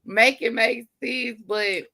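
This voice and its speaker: Slow, gravelly-voiced woman host. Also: a little high, fairly even intonation, pushed and bright. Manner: earnest, encouraging, with conversational fillers. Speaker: podcast host. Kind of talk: heartfelt casual chat.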